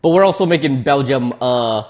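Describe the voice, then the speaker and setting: A man's voice: medium pitch, expressive, moderate pace, darkish tone. A man, chatting casually on a cooking livestream, laughing often and restarting his words as he reads chat. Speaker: streamer reading chat.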